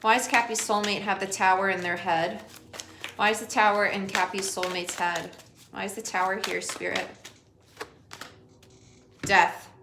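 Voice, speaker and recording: A woman's voice: medium pitch, fairly even intonation, normal speed, long pauses. Woman, tarot reader, chatty direct-to-viewer delivery; echoey room, faint background noise. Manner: chatty, talks straight to the viewer, laughs often. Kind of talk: casual tarot reading monologue.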